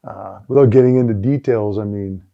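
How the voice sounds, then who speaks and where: A middle-aged man, a guest on an interview show, telling stories in a casual, animated way with lots of fillers and restarts. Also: fairly low pitch, a little fast, vocal fry. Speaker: guest, sales executive and former football player. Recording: dull lo-fi recording.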